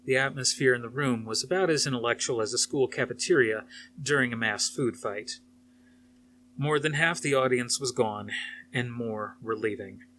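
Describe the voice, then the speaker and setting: A man narrating a novel aloud in a steady, plain storytelling manner. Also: medium pitch, normal speed, a little hiss or hum.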